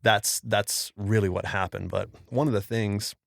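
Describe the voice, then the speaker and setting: A man from Florida, a pastor, tells a personal story as a podcast guest. His voice is low with a gravelly edge, recorded dry and close. He speaks casually and slangily, and he acts out what people said. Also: steady tone, unhurried, no room sound.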